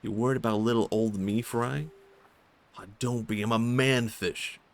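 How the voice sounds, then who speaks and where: A Swedish man voicing a gruff, boastful male talking fish from a video game. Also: mid-range voice, fairly even intonation, normal speed, lightly acted.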